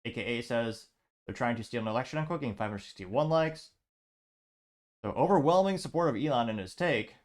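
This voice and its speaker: A man's voice: medium pitch, lively intonation, a little fast. Man reading comments with dry asides. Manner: reads quotes aloud with dry asides. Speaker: show host.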